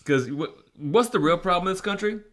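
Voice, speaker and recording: Bright, lively wisecracking man. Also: high voice, normal speed. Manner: wisecracking, interjects jokes. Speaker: podcast co-host. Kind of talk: casual chat, joking banter.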